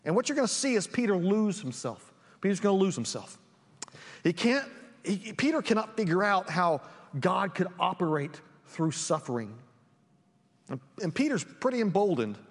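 A man's voice: sits high, very animated, moderate pace. A man preaching a sermon as pastor, reading scripture and then teaching on it in an earnest, emphatic way, often restarting his words. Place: church sanctuary. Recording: long church reverb.

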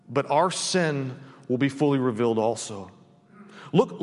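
High-voiced pastor preaching in a reverberant church. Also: male voice. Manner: conversational, frequent restarts and tag questions. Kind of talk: sermon. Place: church sanctuary.

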